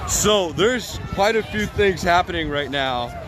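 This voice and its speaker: High-pitched man reporting live from street. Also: expressive, measured pace, loud music behind the voice. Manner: casual, polite, explains plainly to his viewers. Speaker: independent street journalist. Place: outdoors at a city protest. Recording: busy outdoor crowd and traffic noise. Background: crowd and traffic noise.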